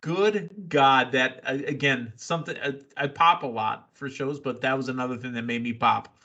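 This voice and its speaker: A man hosting a casual wrestling recap podcast, excitable and quick with asides and laughs. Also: mid-range voice, muffled recording. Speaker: podcast host.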